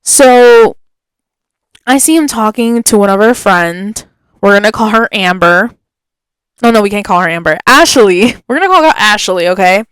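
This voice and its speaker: A young woman hosting a podcast, telling a story in an animated, chatty way, laughing often and filling it with "like". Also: mid-range voice, moderate pace, clean tone, no echo. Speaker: podcast host. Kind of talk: casual storytelling.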